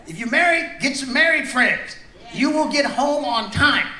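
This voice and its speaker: A man's voice: extremely high pitch, expressive, moderate pace. A middle-aged man doing stand-up comedy, joking with and teasing the audience. He speaks into a stage mic in a large theater. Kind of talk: stand-up comedy with crowd work. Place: large theater on a cruise ship. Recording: echoey theater, loud crowd laughter. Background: audience laughing.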